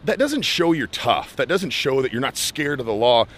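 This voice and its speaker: A young American life skills coach tells an advice story with lively, animated energy at normal speed. Speaking at a middle pitch in a casual coaching tone, he acts out the voices of people he quotes.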